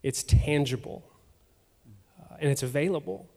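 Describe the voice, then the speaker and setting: A man sharing a personal testimony at a church service, speaking in a halting, emotional way with fillers and repeated words. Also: fairly high pitch, gravelly, mellow. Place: church sanctuary. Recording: long hall reverb.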